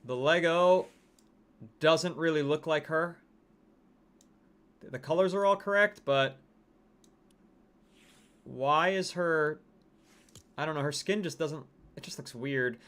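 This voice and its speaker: This livestream host speaks slowly and pauses often, his voice a little high and a bit bright. He chats casually through a game stream, reacting to skins and the chat and reading viewer comments out loud.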